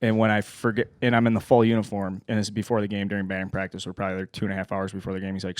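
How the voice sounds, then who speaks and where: A man hosting a casual sports podcast and telling animated, profane anecdotes. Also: fairly low pitch, rapid-fire, hardly any pauses, no room sound, clean studio sound. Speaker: podcast host.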